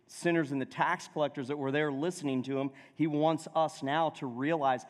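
A man's voice: a little high, fairly even intonation, normal speed. Conversational male pastor in reverb. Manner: conversational, asks the congregation questions. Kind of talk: sermon. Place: church sanctuary. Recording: long reverb of a church hall.

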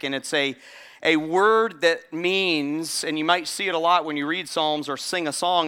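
A middle-aged pastor giving a sermon, chatty and storytelling, with frequent restarts. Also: male voice, on the high side, clean tone. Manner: hushed, slow prayer voice.

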